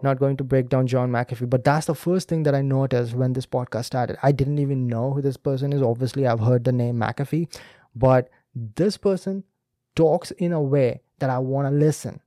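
A man's voice: medium pitch, moderate pace, dark tone, no echo, clean studio sound. A man, a podcast host and speaking coach talking listeners through a video clip in a teacherly way, speaking to them directly. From India. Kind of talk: explanatory commentary on a video clip.

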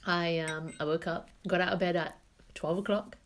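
A woman's voice: on the low side, steady tone, moderate pace. A young woman with a cold, chatting casually as a podcast co-host, stuffy and laughing at herself. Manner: chatty, laughing, self-mocking. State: congested, sick with a cold. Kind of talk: casual chat.

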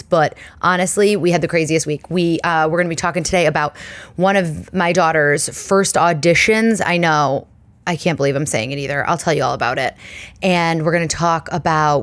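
Chatty woman podcast host, low voice. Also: no room sound. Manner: chatty, self-deprecating, animated storytelling. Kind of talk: casual chat.

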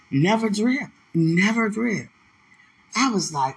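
In a casual, faith-filled monologue, a very animated speaker takes it slowly, laughs often, teases, and keeps asking "you understand?" while acting out quoted voices in a raised pitch. The audio quality is poor.

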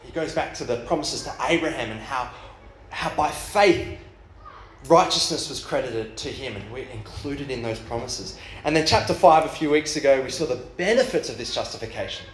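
A man's voice: medium pitch, moderate pace, a little hiss or hum. Man preaching in an echoey church hall. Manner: casual storytelling with rising excitement. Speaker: youth and young adults pastor. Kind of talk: sermon.

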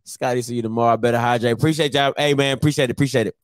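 A man's voice: medium pitch, steady tone, very fast, clear, resonant tone, no echo, studio quality. A man in his thirties hosting a sports picks show, ranting casually to camera with slang and laughing asides. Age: 30s.

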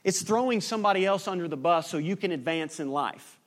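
A man preaching a sermon as pastor, lively and teasing with his congregation. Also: high-pitched, fairly quick.

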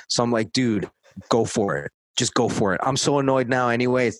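A man's voice: mid-range voice, fairly quick, dry recording, low-quality recording. A man casually telling a story, cursing freely and acting out what others said. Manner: profane, dry, acts out quoted voices. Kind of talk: casual anecdote.

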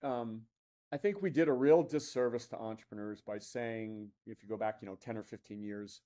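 A man who is a guest entrepreneur on an interview podcast, telling an animated story and acting out the dialogue in it. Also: lowish voice, normal speed. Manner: animated, acts out dialogue in his anecdotes.

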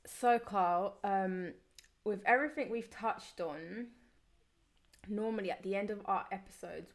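A woman's voice: lowish voice, fairly even intonation, measured pace, gravelly, noisy background. A woman hosting a podcast, chatting casually with many fillers. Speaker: podcast host. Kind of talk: casual chat.

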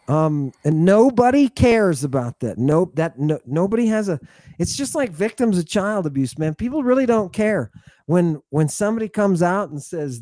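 Male podcast guest, impassioned and rhetorical, warm mellow tone, dry close recording. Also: a little high, no room sound. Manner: impassioned, rhetorical, repeatedly adds "right?". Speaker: guest scholar. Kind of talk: podcast interview.

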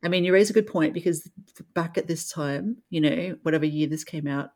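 A woman's voice: low voice, fairly quick, a little mellow. A woman co-hosting a podcast in casual, chatty conversation, laughing easily. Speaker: podcast co-host. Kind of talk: casual chat.

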